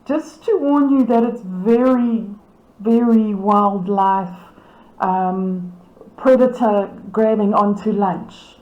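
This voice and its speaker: A woman's voice: medium pitch, slow pace, reverberant, dull audio. A woman, casually commenting on club photos as she reads out titles and names, amused and laughing often. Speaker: camera club presenter.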